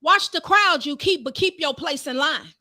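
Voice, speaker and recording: High, bright-voiced woman preaching fervently. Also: moderate pace, no room sound. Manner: fervent, rising to shouts, calls out to the congregation. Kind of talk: sermon.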